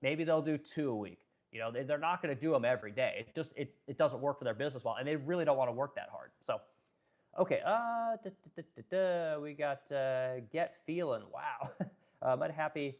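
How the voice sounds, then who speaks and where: A man's voice: mid-range voice, brisk. A man ranting bluntly and profanely on a live stream, restarting his sentences often while reading out chat comments between points. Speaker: live streamer and furniture business owner.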